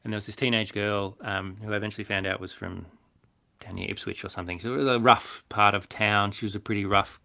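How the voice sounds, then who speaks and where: A man's voice: fairly low pitch, fast, vocal fry. An Australian man, a clown doctor and performer, casually telling stories on a podcast and acting out the voices of people in them. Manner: animated, acts out quoted voices in stories. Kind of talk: casual conversational storytelling.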